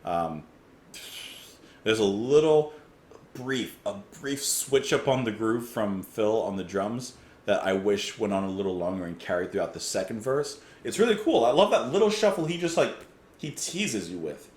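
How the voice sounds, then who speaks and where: A man's voice: lowish voice, animated, normal speed, roomy sound. A man hosting a casual music reaction, talking enthusiastically, often chuckling and thinking aloud with fillers.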